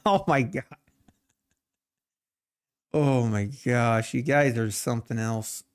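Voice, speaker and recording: Slow, rambling man streaming trades. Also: medium pitch, clean tone. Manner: slow, rambling, self-correcting; playfully defensive with chat. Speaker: livestream trading host. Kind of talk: casual livestream chat.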